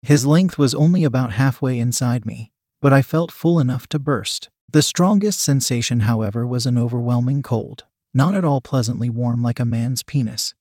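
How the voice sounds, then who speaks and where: Male story reader, steady even delivery, mid pitch, dry close recording. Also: moderate pace, no room sound. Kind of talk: storybook narration.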